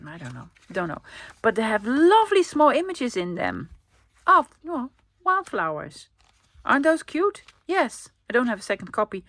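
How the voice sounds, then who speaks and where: A woman's voice: medium pitch, a bit bright, dry recording. A woman from the Netherlands, chatting casually to camera as she shows off her thrift-store haul and coos over the pictures. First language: Dutch. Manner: chatty and enthusiastic, cooing over finds. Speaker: vlogger showing a thrift haul.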